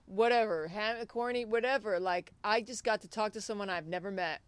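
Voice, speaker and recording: A woman's voice: mid-range voice, fairly quick, clean tone. A woman artist talking in a casual chat, rambling and full of "like" and "you know.". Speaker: muralist guest. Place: outdoor patio.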